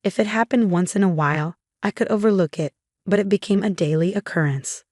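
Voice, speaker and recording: A woman reading a first-person story as narrator, in an even, measured way. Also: mid-range voice, dry recording, clean studio sound.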